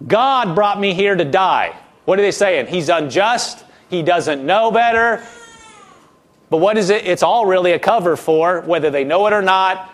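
A man's voice: high-pitched, expressive, normal speed. A man preaching a sermon, reading verses aloud and briefly mimicking the complaining people in a whiny voice. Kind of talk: expository sermon reading scripture.

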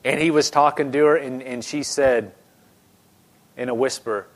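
A man preaching a sermon in a conversational style, slowing down and stressing key phrases. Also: medium pitch, fairly even intonation.

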